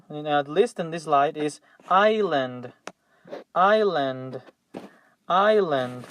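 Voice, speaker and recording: A man's voice: high voice, slight background noise. A young man teaching English vocabulary, patiently repeating each word three times for students. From Mexico. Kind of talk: classroom vocabulary drill.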